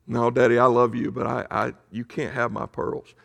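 A man voicing a little girl in a hushed, halting way while telling a sermon story. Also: medium pitch, flat delivery, gravelly. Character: little girl, soft and tearful.

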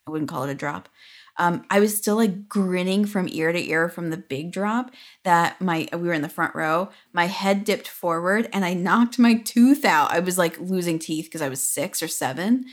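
A woman with a fairly low-pitched voice speaking at normal speed co-hosts a podcast. In casual chat, she tells stories chattily, with lots of fillers and giggles.

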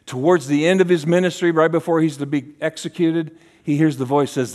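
A man preaching a sermon as a guest speaker, acting out voices in his stories and dropping to a hush for key lines. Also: on the high side, fairly quick, few pauses. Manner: animated, acts out voices in quotes, drops to a hush for key lines.

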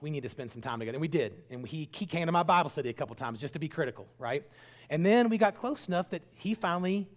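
A middle-aged man preaching a sermon, telling stories earnestly and swinging between loud bursts and hushed lines. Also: on the high side. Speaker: pastor.

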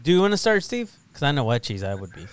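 A man's voice: medium pitch, very animated, fast talker, clear, resonant tone, no echo. A man co-hosting a casual podcast, joking and teasing his friends. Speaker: podcast co-host.

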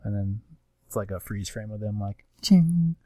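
A man casually recapping a comic book issue, rambling with lots of fillers and quick acted-out quotes of the characters. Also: lowish voice, animated, dark tone, dry recording. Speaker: comics podcast co-host. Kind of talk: casual chat.

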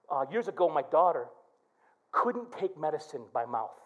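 Animated high-voiced male pastor preaching. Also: moderate pace. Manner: animated preaching with quoted prayers. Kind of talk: sermon.

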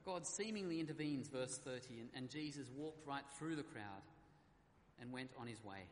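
A man's voice: medium pitch, animated, moderate pace, a little hiss or hum. Man preaching in an echoey hall. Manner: earnest preaching, reads scripture aloud with emphasis. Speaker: pastor. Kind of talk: sermon. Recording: echoey hall with faint ambience.

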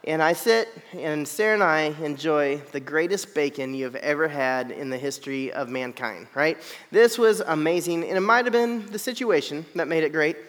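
A high-voiced man tells a humorous personal story to an audience. He is animated and self-deprecating, and he keeps checking in with his listeners. His voice rings out with the long reverb of a large hall. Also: normal speed.

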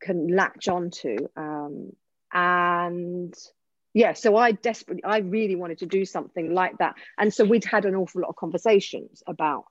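A woman from Essex with an Essex accent, an actor and voice coach chatting casually, animated and often breaking off mid-sentence. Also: lowish voice, moderate pace, no echo, highs cut off. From Essex, England. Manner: animated, self-interrupting, laughing storyteller. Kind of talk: casual conversation.

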